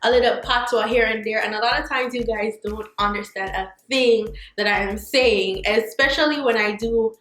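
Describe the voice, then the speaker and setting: A woman's voice: a little high, normal speed, hardly any pauses. Chatty Jamaican woman in an echoey room. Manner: expressive, chatty, slips into patois phrases. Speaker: vlogger. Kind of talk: casual explainer to camera. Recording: roomy echo, faint music bed.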